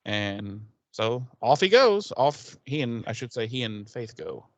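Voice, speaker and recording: A man's voice: lowish voice, a little slow, no room sound. A man co-hosting a podcast, recapping a TV episode in casual chat, rambling and swearing with laughs. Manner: rambling, profane, laughing storyteller. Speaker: podcast co-host.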